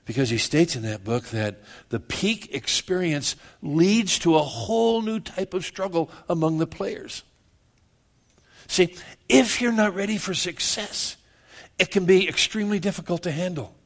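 A man preaching a sermon in a casual, conversational way, often calling his listeners "man" and "guys", repeating words as he builds, and moving between loud and hushed delivery. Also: high voice, animated, measured pace.

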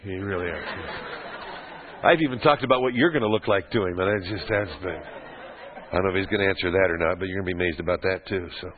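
A man's voice: sits low, quick pace, a faint crowd. An older man preaching a sermon as pastor, teaching from scripture with joking, conversational asides to the congregation. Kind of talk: expository sermon. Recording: phone-like lo-fi radio broadcast.

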